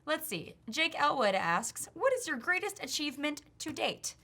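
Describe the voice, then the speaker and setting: A woman's voice: sits high, big pitch swings, normal speed, sharp tone. A woman in her twenties, a co-host and actor, talking casually on a studio panel show, thoughtful and full of fillers. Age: 20s.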